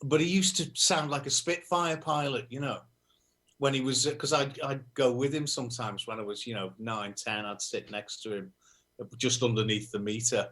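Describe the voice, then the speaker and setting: Man, Liverpool accent, mid-pitched voice, anecdotal and self-deprecating, interview guest. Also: fairly even intonation, moderate pace, fairly bright tone. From Liverpool, England. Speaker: musician guest. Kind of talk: casual interview chat.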